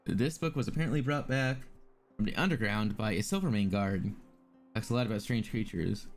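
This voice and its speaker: A man's voice: fairly low pitch, brisk, lightly acted. A man reading the lines of a chatty young woman zoologist in a game, in an eager, rambling manner, with faint music behind. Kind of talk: reading game dialogue aloud.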